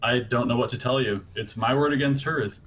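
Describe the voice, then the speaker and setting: A man's voice: mid-range voice, a little fast, fairly bright tone, slight background noise. Stammering young man role-playing comically. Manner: earnest yet comic, stammering and laughing. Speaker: player. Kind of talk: in-character tabletop role-play, casual and joking.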